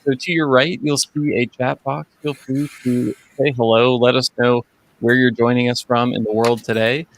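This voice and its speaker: A man's voice: medium pitch, level tone, moderate pace, dry recording, poor audio. A man opening a live online show, explaining in a friendly, instructive way how viewers can chat and ask questions. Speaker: event producer. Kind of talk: live-stream introduction.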